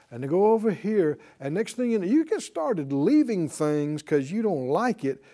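This middle-aged man, a pastor, has a voice that sits high but carries a dark tone. Delivering a sermon to a congregation, he draws out his emphatic lines and invites the listeners to answer back.

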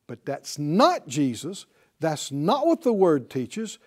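A man preaching a lively sermon, calling out to his congregation and acting out the voices in his stories. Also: on the high side, slow, slightly rough. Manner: animated, call-and-response, acts out quoted voices.

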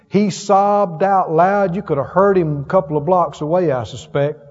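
Male preacher, high voice, folksy and chuckling, muffled recording with long echo. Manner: folksy, chuckling, swings from loud to hushed. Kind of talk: sermon. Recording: dull reverberant hall sound.

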